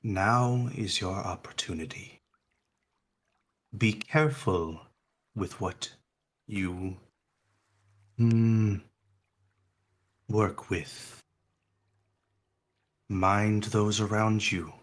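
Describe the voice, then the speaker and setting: A man voicing an ancient, wise speaking heart in a solemn, hushed, measured tone for a tabletop game. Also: fairly low pitch.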